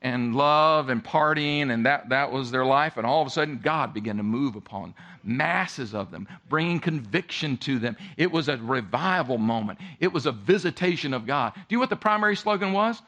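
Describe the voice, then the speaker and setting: An older man preaching a sermon as pastor, emphatic, swinging between loud peaks and quiet low drops. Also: lively intonation, moderate pace, hardly any pauses.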